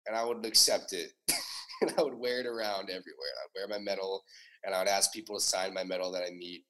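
A young man co-hosting a podcast, chatting casually and animated, swearing a lot and laughing often. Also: low voice, quick pace. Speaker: podcast co-host. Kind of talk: casual chat.

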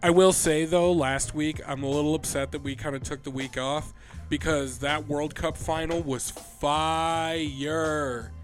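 A man co-hosts a podcast, chatting casually in a laid-back, profane way while sounding a bit nasally and under the weather from a cold. His voice sits a little high with little pitch movement, at a normal speed, with faint music in the background.

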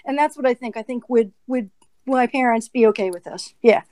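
An actress in a casual podcast interview, talking in an animated, chatty way with lots of "like.". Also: female voice, on the high side, brisk, no echo, rough recording.

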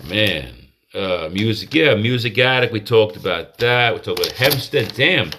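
A male podcast host with a mid-range, slightly rough and somewhat bright voice speaks in a sing-song way at normal speed. He's in a manic state, rambling through a confessional monologue full of restarts and self-interruptions.

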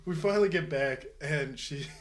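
A man's voice: on the high side, moderate pace. A man co-hosting a podcast, telling a crude story in casual chat, swearing freely and laughing as he goes. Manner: profane, laughing anecdote teller. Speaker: podcast co-host.

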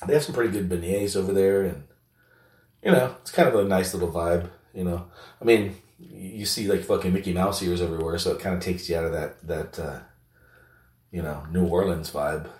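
A man's voice: sits low, a little fast, a little mellow. A man hosting a casual comedic show, rambling with lots of fillers and heavy swearing. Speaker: show host. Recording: roomy echo, distant mic.

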